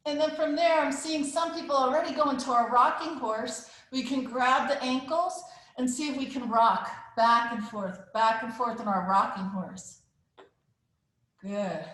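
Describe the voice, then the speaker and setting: A woman with a high voice leads children through yoga poses at a slow, patient pace. She is playful and encouraging and happily moos and meows along with the class. Her voice rings with strong room echo. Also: fairly bright tone. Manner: encouraging, playful, makes animal sounds. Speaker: kids yoga teacher. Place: live virtual class. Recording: very echoey room.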